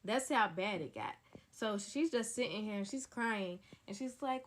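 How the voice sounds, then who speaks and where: A woman's voice: medium pitch, animated, moderate pace. A young woman telling a dramatic personal story straight to her viewers in a casual storytime vlog. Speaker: storytime vlogger.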